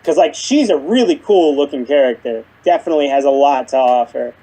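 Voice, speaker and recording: A podcast co-host in casual chat about a cartoon episode, jokey and excitable, swearing casually. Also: mid-range voice, a little fast.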